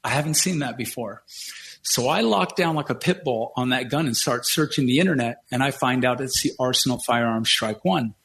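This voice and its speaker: A man telling a long story on a podcast in an animated, casual way, acting out the people he quotes and swearing now and then. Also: medium pitch, a little fast, creaky.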